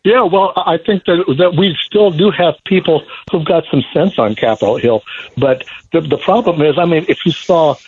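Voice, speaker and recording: An older man, a newspaper columnist, speaking as a guest in a radio interview, halting with many fillers and restarts. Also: on the high side. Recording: dull lo-fi radio sound with faint noise.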